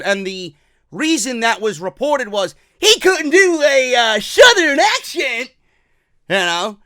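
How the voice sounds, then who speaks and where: A man hosting a wrestling talk show, ranting in an excitable, profane, rambling way. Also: sits high, clean tone, no room sound. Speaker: wrestling podcast host. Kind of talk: casual opinion rant.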